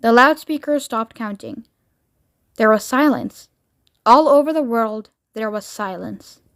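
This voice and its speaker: A woman narrating a children's book aloud with expressive storytelling. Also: a little high, a little slow. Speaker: book reader.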